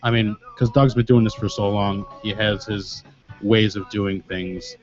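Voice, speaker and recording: Casting: low-voiced Western New York musician, halting and filler-heavy, dull sound, faint music behind. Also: male voice, little pitch movement, a little mellow. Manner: hesitant, many fillers and restarts. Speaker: band member guest. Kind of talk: interview talk.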